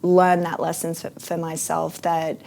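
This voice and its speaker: A woman's voice: deep voice, completely flat delivery, measured pace, creaky, warm tone. A woman talking as an interview guest in a casual, earnest and reflective way, with frequent fillers.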